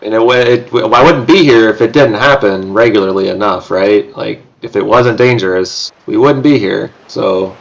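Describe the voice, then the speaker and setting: A man playing a tabletop game, casual and deadpan. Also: lowish voice, moderate pace, creaky, few pauses, muffled recording. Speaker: player.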